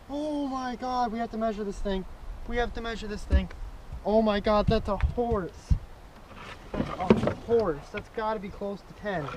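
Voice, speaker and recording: A young man with a high voice gushes from a small boat on a lake. He repeats himself and talks to the fish, drawing out his words. Steady outdoor noise from the water and the wind runs behind him on his chest camera. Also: unhurried, low-quality recording. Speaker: fishing vlogger. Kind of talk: excited on-the-water commentary. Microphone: action camera on his chest.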